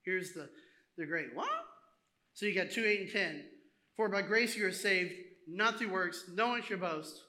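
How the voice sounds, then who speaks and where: A man preaching a sermon in a lively, conversational way, acting out little asides to the congregation. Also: high-pitched, a little slow. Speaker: pastor.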